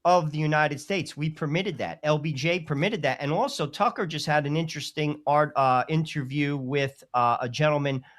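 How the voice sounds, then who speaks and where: A man's voice: fairly high pitch, moderate pace, hardly any pauses. Ranting male co-host. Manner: forceful, ranting delivery with repeated phrases. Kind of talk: live political talk show.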